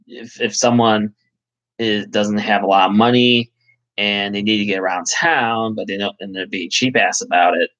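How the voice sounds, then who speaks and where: A man's voice: fairly low pitch, steady tone, normal speed, a bit bright, highs cut off. A man hosting a casual live chat, rambling and swearing, with lots of fillers. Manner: rambling, profane, full of fillers. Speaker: channel host.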